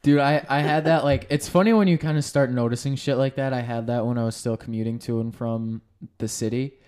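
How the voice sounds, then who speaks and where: A young man co-hosting a casual chat, animated and profane, laughing often as he talks. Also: medium pitch, a little fast, clean tone.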